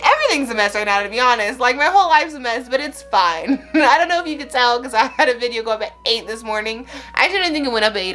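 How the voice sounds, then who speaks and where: A woman's voice: fairly high pitch, fairly bright tone. A woman hosting a casual Bible-reading vlog, chatty and slangy, laughing often between words.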